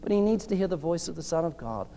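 A man's voice: on the high side, lively intonation, fast talker, vocal fry, dark tone, slight background noise. A man preaching a sermon in an emphatic style, acting out short dialogues with changing voices.

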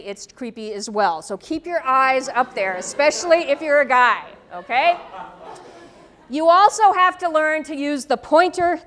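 A woman lecturer giving a university talk, telling stories and checking in with a frequent "okay?". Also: high voice. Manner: lively anecdotal storytelling with frequent "okay?". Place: lecture hall. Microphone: tethered microphone.

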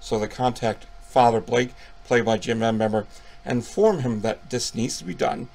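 Gravelly, profane horror reviewer man. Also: medium pitch, normal speed. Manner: profane, playful, animated retelling. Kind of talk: casual video review.

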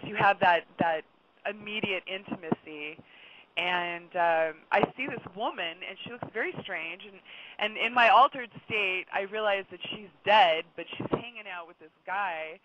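A middle-aged woman, a regular guest on a radio talk show, telling a long story in a chatty, lively way and laughing often. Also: medium pitch. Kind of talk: casual radio chat. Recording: dull lo-fi sound, faint noise.

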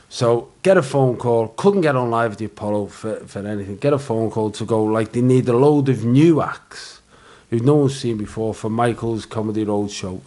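A Liverpool-accented man in his forties telling show-business stories in relaxed podcast chat. He brings the anecdotes to life by acting out the people in them, with plenty of laughter and swearing. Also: medium pitch. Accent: Liverpool (Scouse). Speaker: comedian guest. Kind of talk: casual storytelling chat.

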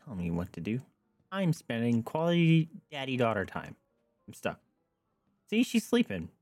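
A male streamer commenting live on his gameplay, full of joking asides. His pitch jumps lively up and down as he reacts. The sound is close and dry, from a desk mic. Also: normal speed, no room sound, faint music behind.

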